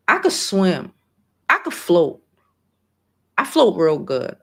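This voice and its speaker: A woman hosting a casual livestream, talking in an emphatic, emotional way and swearing freely. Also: low voice. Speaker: livestream host.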